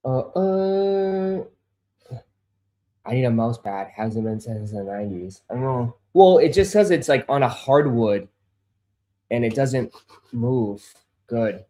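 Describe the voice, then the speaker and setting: A man hosting a casual sneaker livestream who swears, gets easily frustrated and calls his viewers bro and dude, turning loud and insistent when he makes a point. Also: medium pitch, unhurried. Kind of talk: casual live-stream chat. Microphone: desk microphone.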